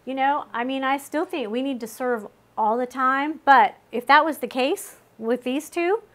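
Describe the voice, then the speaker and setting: A woman with a drawl leads a small parenting group in a relaxed, conversational way. Her voice sits a little high, and she often stops to ask the others questions. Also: moderate pace. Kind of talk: casual teaching talk to a small group.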